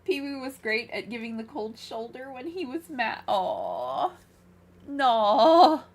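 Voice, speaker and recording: A woman chatting casually on a live game stream from her room, soft-spoken and giggly, gushing over cute things. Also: high voice, moderate pace. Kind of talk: casual livestream chat while playing. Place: her own room, small fan running beside her.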